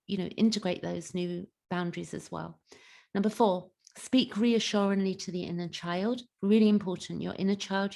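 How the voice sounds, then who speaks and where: A woman, a mentor and coach, giving casual advice in a gentle, reassuring way, often restarting her sentences and saying "you know". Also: fairly low pitch, creaky.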